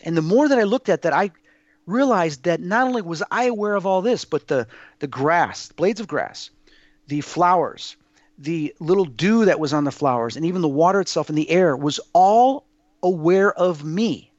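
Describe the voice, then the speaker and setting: A man telling a personal story as an interview guest, in an awed, halting way with many restarts. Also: on the high side, lively intonation, no room sound, muffled recording.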